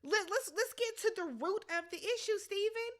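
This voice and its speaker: A woman hosting a casual recap show, talking bluntly and emphatically, swearing freely and slipping into quick imitations of the people she discusses. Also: extremely high pitch. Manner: animated and emphatic, blunt and profane, quick to mimic others. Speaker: reality show recap host.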